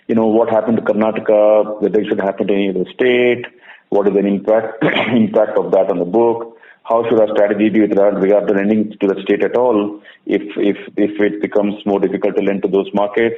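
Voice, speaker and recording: Brief: male executive, lowish voice, rapid confident answers, phone-line sound. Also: level tone. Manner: confident, reassuring, thinks aloud. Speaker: bank executive. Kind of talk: earnings call answers.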